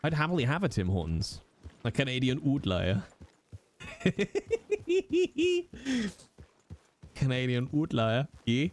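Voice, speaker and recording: Lively male streamer. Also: mid-range voice, moderate pace, slight background noise. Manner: animated, jokey, teasing chat and swearing. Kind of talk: casual live-stream chat.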